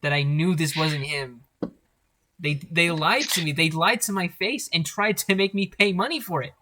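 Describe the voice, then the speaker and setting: A young man co-hosting a podcast, chatting casually in an animated way, swearing and laughing often. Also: on the high side, moderate pace, noisy background. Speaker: podcast co-host. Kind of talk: casual chat.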